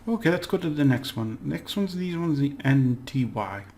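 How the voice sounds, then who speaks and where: A man giving a relaxed, chatty language lesson, slowly repeating words for practice and laughing at his own slips. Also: on the high side. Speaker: language teacher. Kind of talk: casual spoken language lesson.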